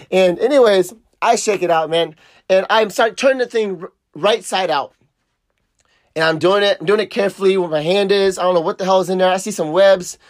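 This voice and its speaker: A middle-aged man hosting a podcast, telling a story in a casual, profane, animated way. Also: high voice, no room sound, clean studio sound. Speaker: podcast host.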